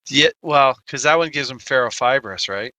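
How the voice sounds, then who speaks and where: Man, brash, profane, very bright voice, casual gaming chat. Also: medium pitch, expressive, moderate pace, no room sound. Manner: brash and profane, laughs at his own stories. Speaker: gamer in a team voice chat.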